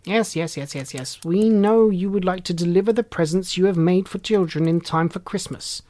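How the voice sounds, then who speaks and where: A storyteller voicing a kindly old male elf elder who leads the elves, speaking slowly and patiently in a storybook read-aloud. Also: mid-range voice, dark tone, close to an everyday voice. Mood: welcoming. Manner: slow, measured, instructive.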